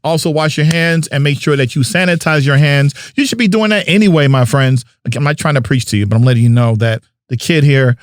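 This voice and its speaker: A man's voice: a little high, fairly quick, hardly any pauses, no room sound. Guy from jersey hosting a podcast, joking around, hyping people up, dry sound. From New Jersey. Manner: playful, chatty, hypes up guests. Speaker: podcast host. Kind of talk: casual podcast chat.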